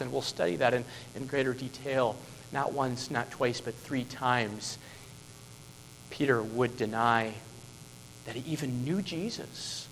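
Emphatic preacher in a reverberant hall. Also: male voice, medium pitch, slight background noise. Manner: emphatic, rhetorical questions, swings from hushed to loud. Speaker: pastor. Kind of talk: sermon.

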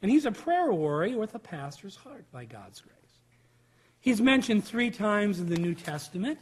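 A male pastor delivers a sermon in a notably high-pitched voice. He leans hard on key words and keeps pressing the listeners with rhetorical questions. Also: big pitch swings, normal speed, breathy edge. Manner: emphatic preaching with rhetorical questions.

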